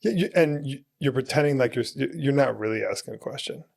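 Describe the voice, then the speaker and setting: A man who is a guest on a studio podcast, chatting eagerly and quickly agreeing with the others. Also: medium pitch, creaky, a little mellow. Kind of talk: casual discussion.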